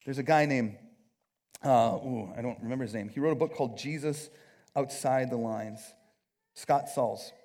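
A man's voice: mid-range voice, moderate pace, a little mellow. A man preaching a sermon in an earnest, conversational and self-deprecating way. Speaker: pastor.

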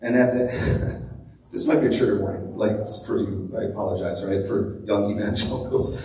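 A man's voice: lowish voice, steady tone, normal speed, warm tone. A man in his thirties preaching a casual, conversational sermon, chatty and full of fillers like "like" and "right?". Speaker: pastor. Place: church hall. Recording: echoey hall from far off, faint noise.

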